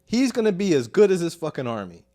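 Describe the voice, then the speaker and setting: A man from Chicago, a comedian guest, telling stories in a casual podcast chat with sudden loud bursts. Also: fairly high pitch, fast. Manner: animated, profane storytelling with sudden loud bursts.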